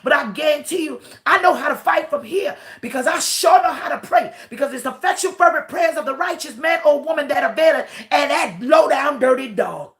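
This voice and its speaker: A woman pastor, preaching a livestreamed sermon, often shouting and punctuating her lines with "uh" and "huh". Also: sits high, expressive, fairly quick, hardly any pauses. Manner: shouting, preaching with rising intensity and "uh" and "huh" fillers.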